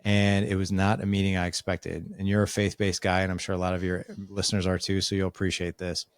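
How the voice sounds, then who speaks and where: Man, low voice, dry close sound, animated storyteller, podcast guest. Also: fast, clean tone, no echo. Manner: animated storyteller acting out quoted dialogue. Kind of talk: casual storytelling in conversation.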